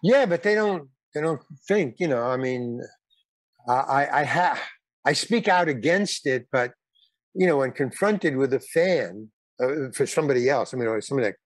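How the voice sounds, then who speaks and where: An older man, a guest, telling stories in casual talk, rambling and halting with lots of restarts. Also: medium pitch, animated, no echo. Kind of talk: casual storytelling.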